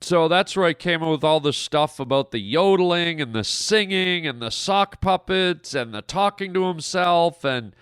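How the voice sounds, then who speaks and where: A man, an actor and comedian, telling rambling, animated anecdotes with many fillers in a recorded message. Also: on the high side, normal speed, hardly any pauses, smooth, no room sound, clean studio sound. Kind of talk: recorded message, casual storytelling. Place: recorded separately from the hosts.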